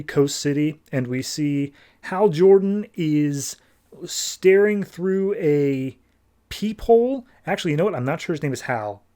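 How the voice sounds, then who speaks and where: A man hosting a podcast, casually recapping a comic issue with quick asides and lots of fillers. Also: on the high side, darkish tone. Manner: chatty, quick asides, frequent "like". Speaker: podcast host.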